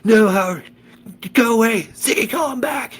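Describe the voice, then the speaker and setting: A man voicing a panicked teenage boy guitarist yelling at a dog on stage. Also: very high voice, moderate pace, breathy edge, voice pushed up. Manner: yelling, desperate.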